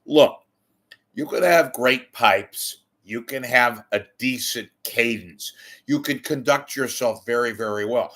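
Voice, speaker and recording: A man's voice: mid-range voice, lively intonation, a little slow, a bit bright. A man delivering a ranting commentary, exasperated, sarcastic and blunt, with occasional profanity. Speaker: media commentator.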